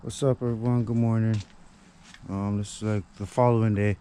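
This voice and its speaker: A man doing a casual car vlog, talking excitedly and repeating himself as he shows off his truck. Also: lowish voice, normal speed. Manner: excited, hyped, repeats phrases. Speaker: car vlogger. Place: in and around a truck outdoors. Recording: outdoor street noise behind.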